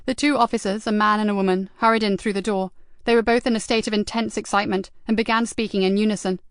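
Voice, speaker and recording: A woman narrating an audiobook in an even, measured storytelling manner. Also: mid-range voice, clear, resonant tone, dry recording, clean studio sound. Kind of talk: scripted narration.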